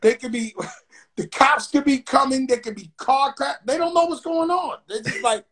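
A man's voice: very high-pitched, moderate pace, background noise. A middle-aged man hosting a talk show, bantering loosely with laughs and profanity. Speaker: host. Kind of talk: casual talk show chat.

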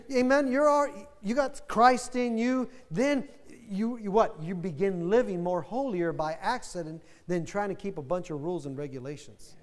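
A male pastor preaching a fervent sermon, dropping to low asides and rising to excited bursts. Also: long reverb tail. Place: church sanctuary.

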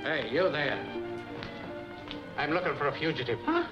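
A man's voice: fairly high pitch, big pitch swings, moderate pace, over music. A chiding Irish police lieutenant with a thick brogue in a 1940s film. He sounds like a jovial, bossy father. The sound is muffled and lo-fi like an old film soundtrack.

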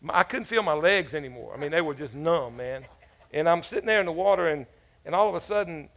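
Gravelly high-voiced man preaching. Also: animated, fast, fairly bright tone. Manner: chatty, joking storytelling with laughs and asides. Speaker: pastor. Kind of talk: sermon. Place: church.

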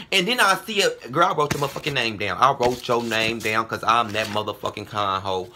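Brash man ranting profanely, bright voice. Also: medium pitch, brisk, hardly any pauses. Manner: brash, heated, profane, calls viewers girl and ho. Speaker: vlogger. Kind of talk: profane casual vlog rant.

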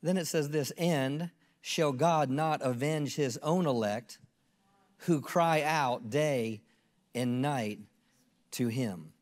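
A man's voice: mid-range voice, slow, in a large hall. A pastor in his fifties preaching a sermon, earnest and repeating phrases for emphasis.

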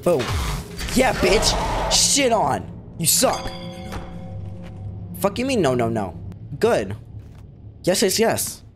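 A man reacting out loud as he plays a horror game, jumpy and foul-mouthed, talking back to the game. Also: high voice, huge pitch swings, takes it slowly, long pauses, over loud music. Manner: jumpy, swears a lot, talks back to the game. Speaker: gaming video creator. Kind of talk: live reactions while playing a horror game.

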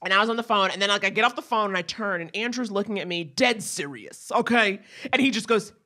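A woman guest on a podcast, telling stories in an expressive, playful way. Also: medium pitch, fast. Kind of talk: casual storytelling chat.

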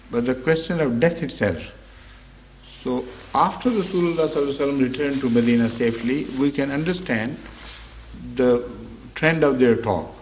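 A man with a voice of ordinary, middle pitch gives an unscripted religious commentary. He talks in a measured way, stopping often with fillers and correcting himself as he explains a verse of scripture.

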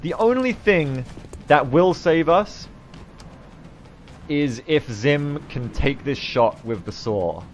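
A man giving live gameplay commentary, excitable, swearing often and shouting at the game. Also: fairly high pitch, slow pace, pauses often, slight background noise. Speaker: game streamer.

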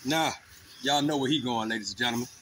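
A man hosting his fishing show, hyped and shouting catchphrases at the viewers out on a river. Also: medium pitch, fast talker. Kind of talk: excited outdoor fishing commentary. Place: outdoors on a river. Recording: outdoor clip with loud noise and passing vehicles.

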